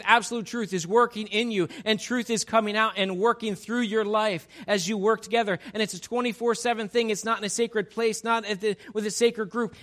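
A man preaching a sermon in a lively, conversational way, often asking his listeners rhetorical questions. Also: high voice. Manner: conversational, animated, asks the audience rhetorical questions. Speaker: pastor.

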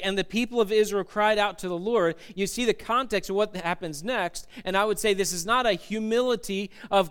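A man preaches a sermon in a church with a bright, clear voice, pitched high for a man. He gets animated and acts out panicked voices as he goes. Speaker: pastor.

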